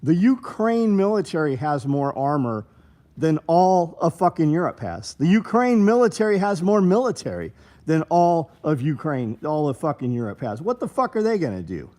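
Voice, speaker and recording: A man's voice: fairly high pitch, big pitch swings, normal speed, warm tone. A man hosting a casual livestream, talking bluntly with lots of swearing, reading viewer names and plugging gear. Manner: blunt, profane, rambling. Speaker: livestream host.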